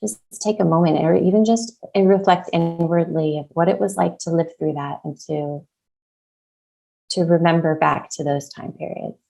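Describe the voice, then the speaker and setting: Low, gravelly-voiced American woman lecturing. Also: moderate pace, low-quality recording. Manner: reads quoted speech with lively emphasis. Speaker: researcher presenting award talk. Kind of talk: lecture presentation with quoted dream.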